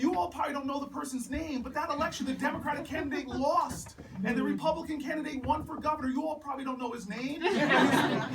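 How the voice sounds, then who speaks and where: Man, political stump speech, storytelling, measured then loud, distant mic, background noise. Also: very high-pitched. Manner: rising from measured to loud, laughing punchlines. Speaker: politician speaking at a campaign event. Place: house party, indoors. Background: crowd laughter.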